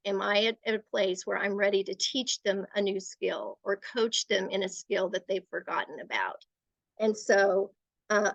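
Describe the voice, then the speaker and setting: A woman's voice: mid-range voice, vocal fry, no echo, poor audio. Woman explaining parenting skills, dry sound. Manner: gentle, explanatory, acts out example phrases. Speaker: parenting educator. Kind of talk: instructional talk to parents.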